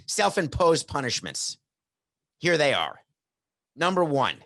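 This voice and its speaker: A man's voice: on the high side, huge pitch swings, slow pace, gravelly, fairly bright tone. A middle-aged man hosting a sports talk show, joking and sarcastic, full of rhetorical questions, talking into a headset mic. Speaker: podcast host. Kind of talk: casual sports talk monologue.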